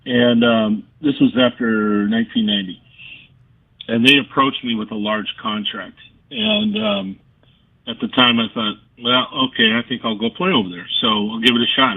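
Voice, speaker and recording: A man's voice: lowish voice, breathy edge. A man from California, a guest on a radio interview, telling stories with animation and acting out the voices of the people he quotes. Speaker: guest, former ballplayer turned firefighter. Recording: phone-like radio line.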